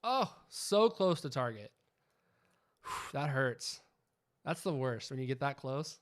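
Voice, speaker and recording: A man hosting a live trading stream, chatting casually and getting excited as he watches the charts. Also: medium pitch, takes it slowly. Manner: chatty, excitable, keeps asking "you know what I'm saying".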